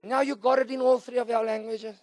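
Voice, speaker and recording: A middle-aged South African man preaching with a high voice, swinging from hushed storytelling up to loud calls the congregation answers. The sound is dry and close, with little room echo. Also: level tone, a little fast. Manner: switches between soft storytelling and loud call-and-response shouting. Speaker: pastor. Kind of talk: sermon.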